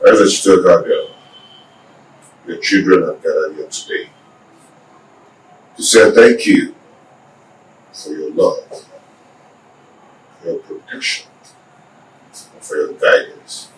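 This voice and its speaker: An actor playing a solemn village elder leading a prayer. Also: male voice, deep voice, very animated, slow, pauses often, slight background noise, full character voice. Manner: solemn, declaiming. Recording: echoey from far off, faint ambience.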